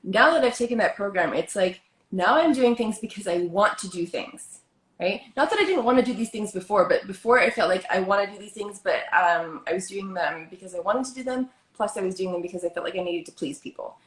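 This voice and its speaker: A woman's voice: mid-range voice, lively intonation, brisk. Chatty host woman in a roomy space. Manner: chatty, many "like" fillers, upbeat. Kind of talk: casual video chat. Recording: roomy echo.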